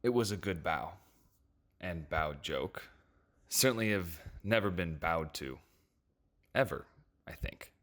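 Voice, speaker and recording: Woman doing a deep gruff ship captain. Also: animated, slow pace, pauses often, heavily acted. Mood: wry. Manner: curt, clipped commands. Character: gruff male sky-ship captain, stern and dry. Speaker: narrator voicing characters.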